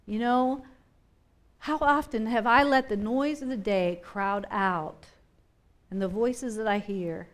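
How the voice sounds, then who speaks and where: A woman's voice: medium pitch, slow. A woman preaching a sermon, impassioned and repetitive, building up and easing back in intensity.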